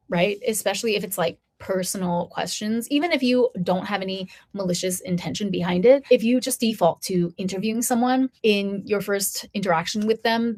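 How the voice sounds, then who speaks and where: Chatty woman in her thirties. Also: medium pitch. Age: 30s. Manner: chatty, lots of "like", acts out quoted voices. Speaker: vlogger. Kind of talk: casual storytelling to viewers.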